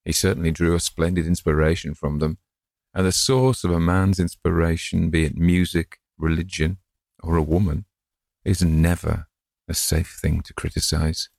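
A man reading a classic tale aloud in a measured, scripted narration. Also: sits low, steady tone, vocal fry, darkish tone, no echo, studio quality. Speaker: audiobook narrator.

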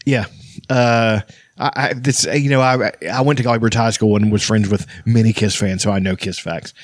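A man co-hosting a podcast in casual, rambling chat, profane and animated as he tells stories. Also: fairly low pitch, moderate pace, no echo, clean studio sound. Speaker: podcast co-host.

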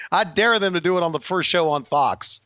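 A man's voice: sits high, normal speed, pushed and bright, dry recording, dull audio. A man co-hosting a casual wrestling podcast, laid-back and wry, laughing along with his partner. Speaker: podcast co-host.

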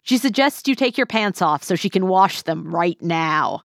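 Low-voiced woman podcast host. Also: animated, moderate pace, creaky, dry recording, clean studio sound. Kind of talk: scripted narration and interviewing.

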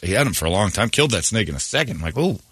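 A man's voice: lowish voice, expressive, racing, bright, forceful tone, breathy edge, dry recording. A man hosting a morning radio show, telling rambling, joking stories in casual banter.

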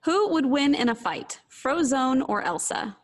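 A woman hosting a podcast interview, asking brisk quiz-style questions and laughing often. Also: sits high, sing-song. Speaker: podcast host. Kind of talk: casual interview.

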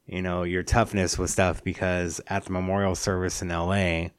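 A man's voice: low-pitched, little pitch movement, moderate pace, clear, resonant tone, no room sound, clean studio sound. A man hosting a podcast, chatting casually with his guest, chuckling and prompting him with questions. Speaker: podcast host, interviewer. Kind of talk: casual interview talk.

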